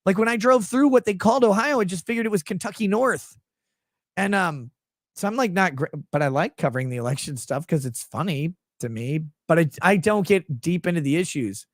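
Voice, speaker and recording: High-voiced joking man, dry close sound. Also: animated, brisk, no room sound. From Minnesota. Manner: rambling, crude and joking, with frequent fillers. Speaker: livestream host. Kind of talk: casual livestream chat reading super chats.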